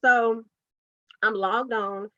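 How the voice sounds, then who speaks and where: A woman's voice: on the high side, fairly even intonation, drawn-out words, bright, forceful tone, dry recording. A woman, a podcast guest telling a personal story as a heartfelt, earnest faith testimony. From United States, South Carolina. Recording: dull, dry lo-fi podcast audio.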